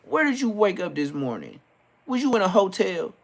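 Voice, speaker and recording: A man's voice: high voice, sing-song, moderate pace, vocal fry. A middle-aged man, telling joking stories on a livestream and acting out quotes. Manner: joking, storytelling with acted-out quotes. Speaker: livestream host. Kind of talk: casual livestream rant.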